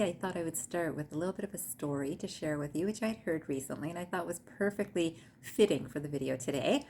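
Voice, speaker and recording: A woman hosting her own wellness channel, telling a parable to her viewers in a gentle, measured way. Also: on the low side, slight background noise. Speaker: host of a mindfulness and grief channel. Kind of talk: storytelling talk to camera.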